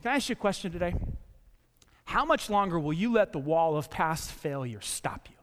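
A man's voice: sits high, animated, a little fast. A middle-aged man preaching a sermon as pastor, telling personal stories with self-deprecating asides and restarts. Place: church sanctuary. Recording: long hall reverb.

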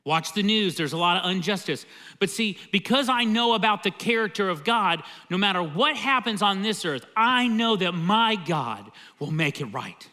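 A man's voice: high voice, expressive, normal speed, pushed and bright. A male pastor preaching a sermon in a church, emphatic and conversational, often opening with "See.".

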